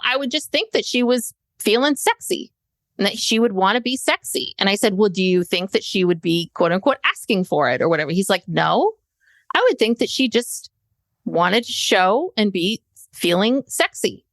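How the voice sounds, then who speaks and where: A woman in her forties co-hosting a podcast, talking in an animated, indignant way and swearing freely. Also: mid-range voice, moderate pace, no echo, studio quality. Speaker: podcast co-host. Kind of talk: casual podcast chat.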